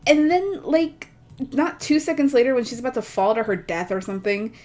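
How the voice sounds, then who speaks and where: A woman's voice: on the high side, fairly quick, darkish tone. A young adult woman ranting casually about books while she draws, laughing often and sounding exasperated. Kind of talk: casual rant while drawing.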